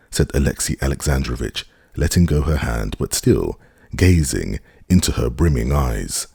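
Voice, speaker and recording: Deep-voiced man, audiobook narration, husky tone, dry close sound. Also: animated, normal speed, a little mellow, dry recording. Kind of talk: scripted narration.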